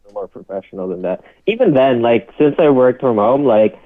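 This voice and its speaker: A man in his twenties co-hosting a podcast, giving laid-back, halting replies. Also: mid-range voice, lively intonation. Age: 20s. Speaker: podcast co-host. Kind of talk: casual podcast chat. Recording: tinny phone-like call audio.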